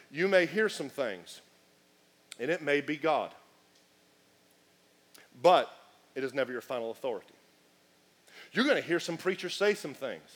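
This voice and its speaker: A man preaching a sermon, animated and full of acted asides and shouted lines. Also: fairly high pitch, breathy edge. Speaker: pastor.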